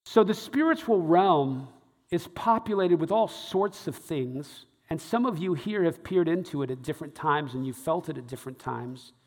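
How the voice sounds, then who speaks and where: In a reverberant hall, a pastor preaches at a moderate pace in a slightly high voice. He tells a story with lively energy, acting out the quoted voices as part of his sermon.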